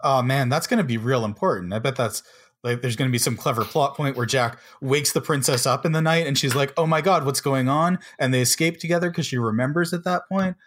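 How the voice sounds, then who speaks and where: A man's voice: mid-range voice, fast, fairly bright tone. A man co-hosting a film podcast, making dry, sarcastic asides in casual chat. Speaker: podcast co-host.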